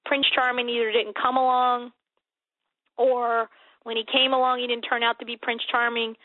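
A woman's voice: on the high side, level tone, normal speed, dry recording. Earnest American woman on a tinny line. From United States. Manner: earnest, emphatic, repeats herself while thinking. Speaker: guest author. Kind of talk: faith-based interview conversation.

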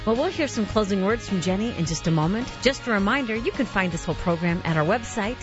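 A woman's voice: medium pitch, animated, quick pace, lo-fi sound, music in the background. A woman hosting a faith radio interview, giving short affirming replies and reading program notes. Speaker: radio host.

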